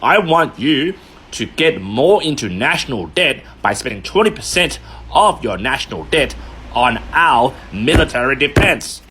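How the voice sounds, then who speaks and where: A man's voice: mid-range voice, sing-song, a little slow, pushed and bright, a little hiss or hum. Man doing a sly drawling Uncle Sam. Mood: folksy. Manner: sly, wheedling, winking. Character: smug swaggering Uncle Sam, American male.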